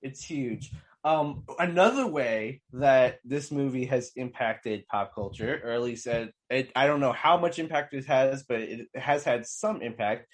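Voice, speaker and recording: This podcast co-host is a man talking loosely about a film, with plenty of fillers and restarts as he rambles. He speaks a little slowly in a mid-range voice.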